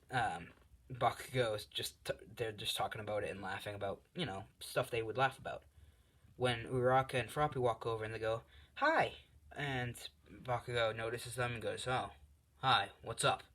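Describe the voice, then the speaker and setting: A young man ad-libbing a story out loud, full of fillers, restarts and casual swearing. His voice sits at an ordinary middle pitch. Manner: rambling, lots of fillers and swearing. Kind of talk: casual improvised fan story.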